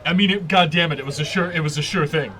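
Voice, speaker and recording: A man's voice: fairly high pitch, fast, fairly bright tone, a little hiss or hum, lightly acted. A man voicing an adult male dinosaur-racing patron, a blunt gambler who curses casually and restarts his phrases. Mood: earnest. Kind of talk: game master voicing a character.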